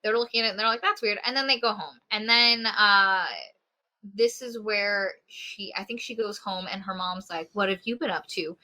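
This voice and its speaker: Speaking at a normal speed in a pushed, bright medium-pitched voice, a podcast co-host walks through a novel's plot in an easygoing way. She voices the characters' lines as part of the casual book chat.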